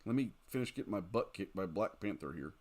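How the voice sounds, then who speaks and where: A man's voice: deep voice, lively intonation, quick pace. Tired, giggly man streaming a game. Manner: rambling, giggly, reacts loudly to the game. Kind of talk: casual late-night gaming stream chat.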